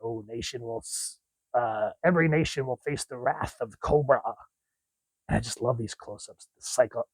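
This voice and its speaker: A man's voice: medium pitch, darkish tone, no room sound, low-quality recording. A man reviewing comic books in a casual, rambling and enthusiastic way. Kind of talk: casual chat.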